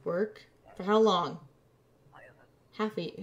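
A woman streamer casually commenting on a game, muttering to herself as she checks documents, playful and unhurried. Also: medium pitch, vocal fry, a little mellow. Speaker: gameplay streamer. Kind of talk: casual let's-play commentary.

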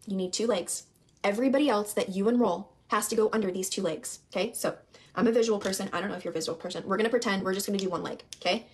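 A young woman recruiter giving an emphatic, repetitive sales pitch to her team, often calling them "you guys". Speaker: network marketing recruiter.

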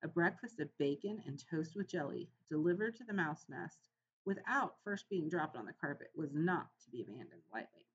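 A woman narrating a children's storybook in an expressive reading voice. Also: sits low, normal speed. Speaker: audiobook reader. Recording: slightly muffled, faint hiss.

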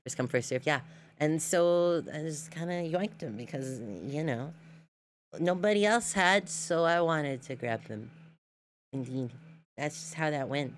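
A woman's voice: low-pitched, lively intonation, unhurried, slight background noise. A woman streamer chatting casually while reacting to clips, giggly and talkative with lots of fillers.

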